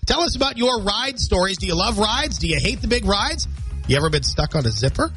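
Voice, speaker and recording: A man's voice: high voice, sing-song, fairly quick, fairly bright tone, soft background music. A male radio morning show host with a nasal, congested voice, bantering upbeat from the studio.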